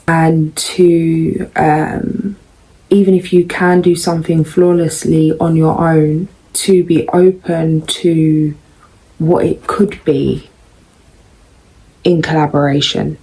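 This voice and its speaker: A woman doing a casual tarot reading, musing and unhurried, with frequent pauses and ums. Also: low-pitched, gravelly, dark tone, rough recording. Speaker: tarot reader.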